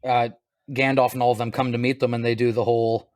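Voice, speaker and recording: A man's voice: medium pitch, flat delivery, quick pace, darkish tone, no room sound, clean studio sound. Easygoing man, mid voice, podcast chat. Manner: laughs often, easygoing. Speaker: podcast co-host. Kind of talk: casual chat.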